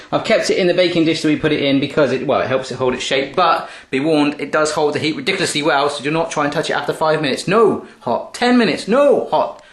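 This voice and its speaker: Cheeky, fast-paced male cooking vlogger, slightly raised pitch, roomy kitchen sound. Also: a bit bright. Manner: cheeky, chatty, playful asides. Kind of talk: jokey cooking video chat. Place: home kitchen.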